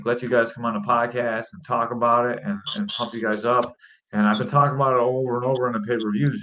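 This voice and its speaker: A man's voice: mid-range voice, fairly bright tone, muffled recording. A man hosting a casual podcast chat, upbeat and rambling with plenty of fillers as he asks questions. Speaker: podcast host.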